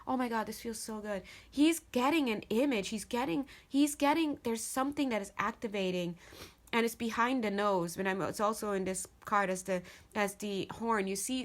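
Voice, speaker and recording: Earnest woman giving an intuitive tarot reading. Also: mid-range voice. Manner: earnest, channeling spirit messages with frequent restarts. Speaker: tarot reader.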